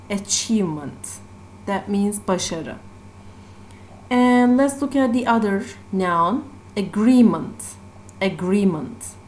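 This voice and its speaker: Slow-spoken Turkish-accented woman teacher. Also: mid-range voice, slight background noise. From Turkey. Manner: slow and repetitive, stressing syllables. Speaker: English teacher. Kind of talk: classroom vocabulary lesson.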